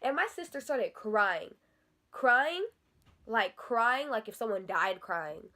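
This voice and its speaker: A young woman vlogger telling a story in a casual, animated, and profane storytime style. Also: on the high side, slow.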